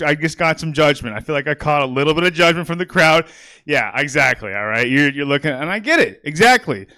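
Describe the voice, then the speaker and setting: A man's voice: mid-range voice, fairly bright tone, clear, resonant tone. A young man doing a rambling stand-up comedy set with crowd work in a small comedy theater.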